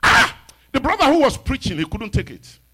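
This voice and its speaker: A man preaching a sermon, telling stories in an animated way and building into shouted declarations. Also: very high-pitched, normal speed, slightly rough. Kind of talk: storytelling sermon, rising into shouted exhortation.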